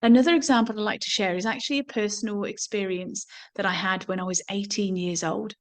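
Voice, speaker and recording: A woman gives a reflective talk on somatic awareness, her voice sitting at an ordinary middle pitch. She speaks earnestly and doubles back on words now and then as she gathers her thoughts. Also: steady tone, fast. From England. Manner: earnest, repeats words while thinking. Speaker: somatics teacher.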